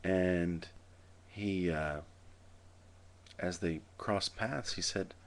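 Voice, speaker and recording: A man tells jokes straight to his camera with a dry, deadpan delivery. His voice is very low and gravelly, with plenty of fry in it. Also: extremely slow. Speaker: vlogger telling jokes. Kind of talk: casual joke telling to camera. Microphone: camera mic.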